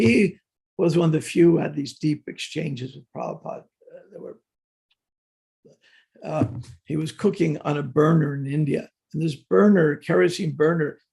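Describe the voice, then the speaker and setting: A man giving a morning scripture class in a temple, telling stories in an animated way. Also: fairly high pitch, creaky, husky. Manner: animated storytelling. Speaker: class teacher. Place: temple hall.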